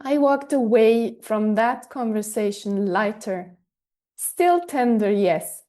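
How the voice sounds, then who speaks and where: A woman podcaster narrating a personal story in a measured, scripted way. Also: a little high, lively intonation, dark tone. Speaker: podcast host and author.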